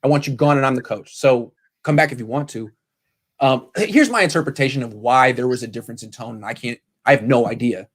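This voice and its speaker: A man hosting a casual sports talk show, animated, often quoting others in quick voices. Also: medium pitch. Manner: animated, quotes people in quick impressions. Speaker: podcast host.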